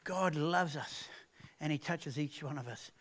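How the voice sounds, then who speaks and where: A man preaching with a fairly high voice. He talks earnestly and conversationally, restarting phrases and swelling louder on key points. It sounds like a pastor addressing his congregation. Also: unhurried. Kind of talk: sermon.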